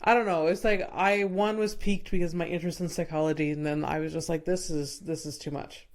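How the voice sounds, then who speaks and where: A woman's voice: fairly low pitch, steady tone, a little fast. A woman hosting a podcast in casual chat, retelling movie scenes with lots of laughter. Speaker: podcast host.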